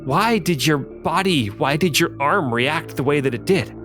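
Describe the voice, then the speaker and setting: A man's voice: fairly high pitch, expressive, unhurried, music in the background, voice pushed up. A man voicing an anxious young man who stammers and repeats himself, a loyal brother in a fantasy game. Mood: earnest.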